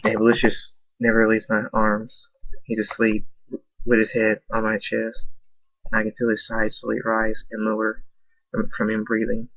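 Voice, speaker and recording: A man's voice: on the low side, a little slow, gravelly. A man reads a story aloud in a plain voice with very little rise and fall. The sound is dull and lo-fi. It is close and dry, with no echo. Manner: flat, plain reading. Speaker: fan fiction reader.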